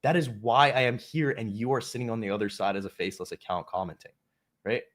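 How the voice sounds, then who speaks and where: A man with a fairly low voice, talking casually and off the cuff on a livestream. He is blunt and profane, riffing and ranting at his audience. His delivery is loose and conversational. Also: fast, fairly bright tone. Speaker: livestream host.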